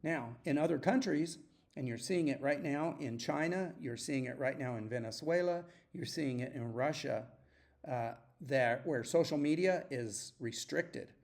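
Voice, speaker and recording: A man hosting a solo podcast, talking earnestly and urging his listeners, often clearing his throat and restarting sentences. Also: medium pitch, measured pace, darkish tone. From United States. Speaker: podcast host. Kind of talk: opinionated solo podcast monologue.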